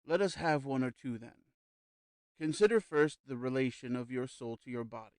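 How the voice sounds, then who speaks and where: A man voicing a calm, persuasive male spirit medium in an audiobook, speaking slowly, smoothly and quietly. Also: mid-range voice, no room sound, natural voice. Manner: slow, smooth, quiet, reassuring. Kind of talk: audiobook character reading.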